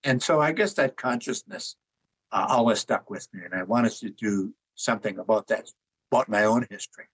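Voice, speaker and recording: Older guy w a husky voice, easygoing storyteller in an interview. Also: on the low side, normal speed, low-quality recording. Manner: relaxed anecdotal, chuckles at his own jokes. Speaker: author and artist guest.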